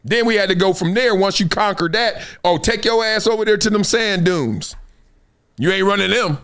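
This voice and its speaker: A man's voice: high-pitched, normal speed, a bit bright, clear, resonant tone. A man hosting a live sports talk show, telling stories in a preachy, playful way, acting out quotes and laughing often. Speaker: host.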